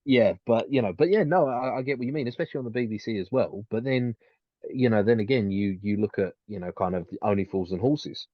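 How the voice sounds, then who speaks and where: Brief: male podcast co-host, lowish voice, rambling with fillers, muffled dead-dry mic. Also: brisk, no echo. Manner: rambling, many restarts and fillers. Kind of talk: casual chat.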